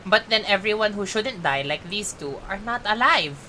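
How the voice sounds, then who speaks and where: A woman's voice: mid-range voice, animated, normal speed, pushed and bright, a little hiss or hum. A woman with a Filipino accent chatting casually on a live game stream, talkative and emotional, switching between English and Tagalog.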